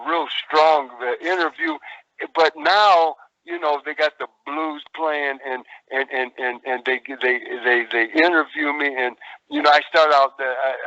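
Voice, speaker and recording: A man's voice: mid-range voice, sharp tone, dry recording, muffled recording. An older man, a wrestling veteran, telling stories in a rambling interview, with many stalls and repeated words. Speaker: retired wrestler guest.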